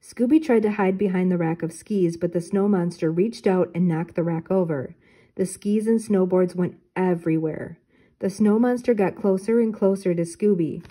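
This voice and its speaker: Older woman, children's book read-aloud, mellow soft tone, clear and even. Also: mid-range voice, normal speed, few pauses. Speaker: storybook reader.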